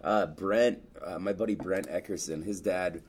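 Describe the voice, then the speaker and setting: A podcast host in a casual chat, laid-back and swearing freely. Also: male voice, low voice, normal speed, a little mellow, a little hiss or hum.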